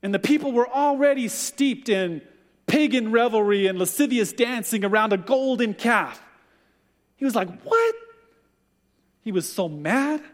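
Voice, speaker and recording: A male pastor preaching a sermon, an animated storyteller who acts out the voices he quotes. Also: high voice, moderate pace, big-room sound.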